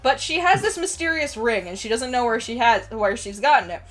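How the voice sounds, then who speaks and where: A young woman streamer with a fairly high voice chats along in a giggly, rambling way. She swears casually, with faint music under her voice. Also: expressive, a little fast, fairly bright tone. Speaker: streamer host. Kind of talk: casual chat.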